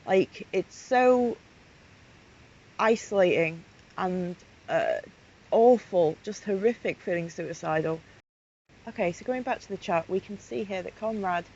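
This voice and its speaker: A woman's voice: medium pitch, unhurried, a little mellow. A woman vlogger giving casual, indignant commentary as she reads through chat logs. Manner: indignant, outraged, emphatic. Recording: slightly muffled home recording with faint hiss.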